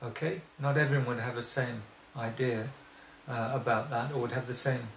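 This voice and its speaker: A man teaching a spoken lesson, talking slowly and haltingly, often restarting and clearing his throat. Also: medium pitch, steady tone, fairly bright tone, roomy sound, slight background noise. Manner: slow and hesitant, frequent restarts and throat clearing.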